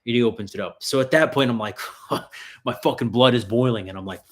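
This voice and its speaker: A man's voice: medium pitch, brisk. A man hosting a self-defense livestream, telling rambling street-fight stories in casual, profanity-heavy chat. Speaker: self-defense channel host.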